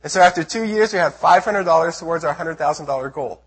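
A man from the United States giving an earnest testimony sermon to a church as a missionary speaker, telling his story with a husky voice. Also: fairly high pitch, fast. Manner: earnest storytelling, acts out his own prayers and quotes.

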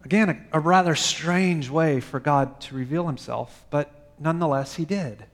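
Man, pastor, sermon, fairly high voice, emphatic then hushed. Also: normal speed. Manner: dynamic preaching, dropping to soft quiet phrases.

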